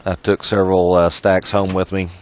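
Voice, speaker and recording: A man's voice: deep voice, little pitch movement, brisk, a little mellow, slight background noise. A man hosting a casual game tour, asking easygoing questions and chuckling along. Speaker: video host.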